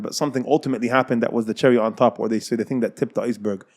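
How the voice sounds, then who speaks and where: Fast-talking man in his thirties. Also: mid-range voice, steady tone, darkish tone. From United States. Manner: fast, repeats and rephrases phrases. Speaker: Islamic scholar, guest. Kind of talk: personal storytelling in interview.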